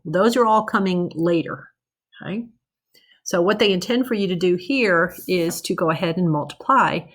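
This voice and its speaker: Casual woman teaching calculus, slightly low voice. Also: fairly bright tone. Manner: conversational, checks in with "okay?", restarts and self-corrects. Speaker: math teacher. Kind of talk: recorded lecture walking through calculus problems.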